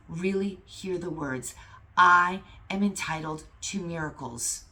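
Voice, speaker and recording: Woman, low-pitched voice, spiritual teacher, reads a lesson, fervent emphatic commentary, casual swearing. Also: fairly bright tone.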